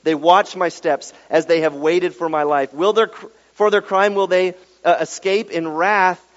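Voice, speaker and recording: A man preaching a sermon, telling a story with lively acted-out quotes and dropping to a hushed tone when reading scripture. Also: high voice, a little slow. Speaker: pastor. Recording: dull sound with long reverb in a large room.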